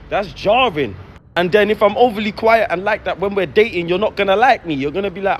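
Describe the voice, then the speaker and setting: A man's voice: high-pitched, animated, fairly quick, slight background noise. A bubbly man, ranting casually in slangy street talk. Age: 30s. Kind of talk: casual vlog rant.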